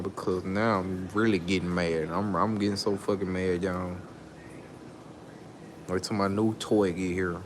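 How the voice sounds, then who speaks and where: Man ranting angrily, low voice. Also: steady tone, unhurried, background noise. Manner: angry ranting, swearing, voice leaping up when worked up. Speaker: vlogger. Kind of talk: heated venting monologue.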